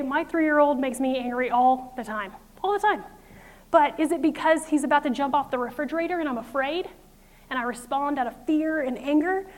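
A woman in her thirties delivers a lively, conversational sermon with a high voice. She slips into playful inner voices and laughs easily as she preaches. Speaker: pastor.

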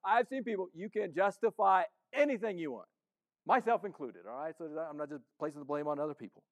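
Male pastor, high voice, chatty and playful sermon delivery, jumps from loud punches to hushed low asides. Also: animated, a little fast. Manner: conversational, playful, acts out the congregation's inner voice; wide swings from loud emphasis to soft low asides.

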